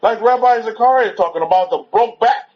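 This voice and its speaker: This is a dull, lo-fi recording of a man with a high voice talking fairly quickly. He gives a loose, rambling Sabbath sermon, repeating himself in a conversational way and breaking off to comfort a toddler.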